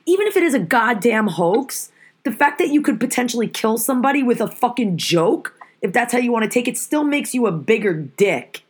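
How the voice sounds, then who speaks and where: A woman's voice: fairly high pitch, big pitch swings, brisk, slightly rough. A woman hosting a podcast, ranting heatedly and swearing often. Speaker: podcast host. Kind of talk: casual podcast rant.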